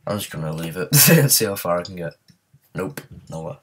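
A man's voice: low voice, animated, a little fast, husky. A man who is ill, giving let's play commentary while playing a game, frustrated and muttering curses at it. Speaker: gaming channel host.

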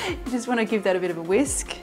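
A woman demonstrates a recipe as a cooking show host, chatting warmly and eagerly to the viewers as she works. She laughs easily and keeps up a lively patter from her kitchen. Soft music plays quietly underneath. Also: medium pitch, quick pace. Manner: chatty and enthusiastic, talks straight to viewers.

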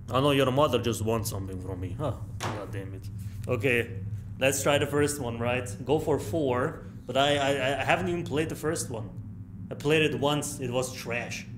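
A man's voice: medium pitch, slight background noise. A young man streaming a horror game live, gasping, yelping and swearing, full of crude jokes. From Austria. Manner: excitable, yelps and gasps, swears a lot, crude jokes.

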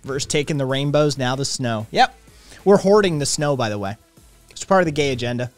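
A man's voice: mid-range voice, expressive, fairly quick, faint music behind. A man hosting a live stream, chatting casually in a sarcastic, profane, joking way. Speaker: stream host. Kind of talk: casual chat.

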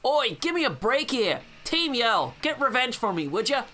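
A man's voice: very high-pitched, big pitch swings, normal speed, sharp tone, voice pushed up, heavily acted. A man voicing a rowdy young hooligan gang grunt from a game, in a put-on British accent, brash and taunting. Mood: cocky.

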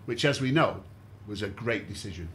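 A man with a fairly low voice hosts a casual podcast. He recounts events in an orderly, explanatory way and turns to his guests with questions. A faint noise floor runs underneath. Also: animated, normal speed, fairly bright tone. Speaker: podcast host.

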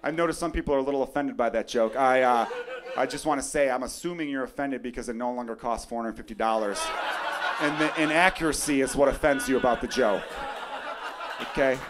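A young adult man doing a stand-up comedy set, ranting loudly toward his punchlines while the audience laughs. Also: medium pitch, fairly quick. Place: comedy club stage. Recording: live club recording with crowd noise.

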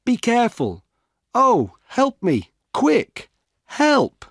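A man voicing a young female police officer, talking in clear, steady, simple phrases. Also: mid-range voice, slow, no room sound, studio quality, voice pushed up. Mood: panicked.

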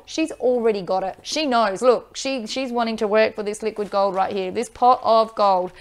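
An upbeat woman, teaching dog training and giving loud bursts of praise into a microphone. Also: a little high, moderate pace, hardly any pauses. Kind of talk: instructional video with live dog training.

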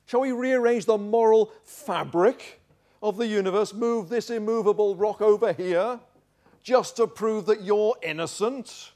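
A pastor acting out an exasperated male accuser who scolds a sufferer in a high, sharp voice. His words grow louder and more mocking, and he hammers each point home. It is a sermon delivered from a pulpit. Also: big pitch swings, measured pace, heavily acted. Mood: indignant. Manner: exasperated, mocking, rising to shouting.

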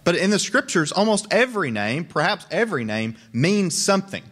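A man's voice: high-pitched, sing-song, fairly quick, fairly bright tone. Man, young, preaching, conversational, joking asides. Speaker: pastor. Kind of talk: sermon.

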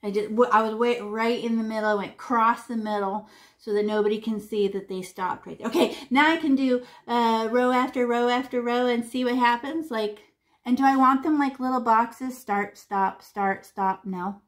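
A woman leading a painting lesson for children, chatty and animated, narrating her brushstrokes with sound effects and sing-song noises. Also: on the high side, moderate pace. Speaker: art teacher.

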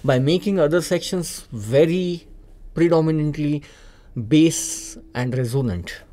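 Patient Indian male tabla tutor; warm, mellow delivery, repeats key points. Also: on the high side, unhurried. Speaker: tabla teacher. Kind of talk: instructional explanation. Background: tabla playing.

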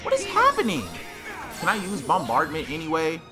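A man giving excited gameplay commentary, slangy and trash-talking, with loud outbursts. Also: a little high, normal speed. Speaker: gaming YouTuber. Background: game music.

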